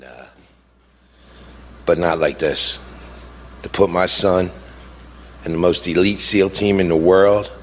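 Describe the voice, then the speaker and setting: A middle-aged man speaking as a grieving father in an impassioned speech, halting with fillers at times and indignant at others. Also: low-pitched, a bit bright. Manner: indignant, rising to heated outbursts. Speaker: grieving father giving a talk.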